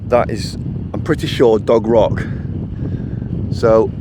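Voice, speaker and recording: A man with a hoarse morning croak, chatting casually to camera outdoors while hiking. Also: lowish voice, slow, background noise. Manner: chatty, relaxed, talks to camera. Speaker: vlogger. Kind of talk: casual outdoor vlog narration. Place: outdoors on open moorland.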